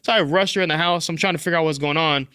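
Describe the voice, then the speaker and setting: A young man hosting a fatherhood podcast, telling a personal story in casual, animated speech full of "like" and "bro.". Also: on the high side, racing, clean tone, no echo, clean studio sound. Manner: animated, filler-heavy, says "like" and "bro" often. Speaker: podcast host.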